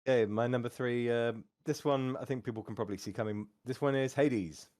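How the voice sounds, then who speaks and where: A man's voice: mid-range voice, fairly quick, a little mellow. A man co-hosting a podcast, chatting casually with many fillers and restarts. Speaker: podcast co-host. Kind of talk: casual chat.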